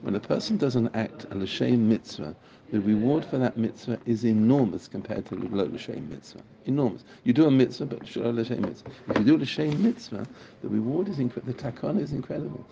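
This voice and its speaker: A man's voice: mid-range voice, animated, a little fast, vocal fry, hardly any pauses. A man teaching a Torah class in a casual, enthusiastic way, repeating phrases for emphasis. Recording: muffled recording with a crowd audible.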